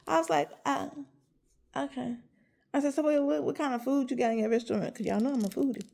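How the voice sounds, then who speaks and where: A woman's voice: high-pitched, a little fast, gravelly. A woman telling a story to her viewers in a casual, chatty way, talking straight to them and laughing as she goes. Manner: animated, laughs while telling. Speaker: vlogger.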